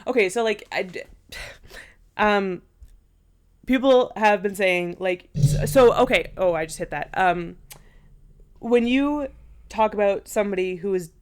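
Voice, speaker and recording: A young woman co-hosts a casual podcast, talking bluntly and chattily with plenty of fillers. Her voice sits at an ordinary middle pitch. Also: a little slow, long pauses. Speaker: podcast co-host. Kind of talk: casual chat.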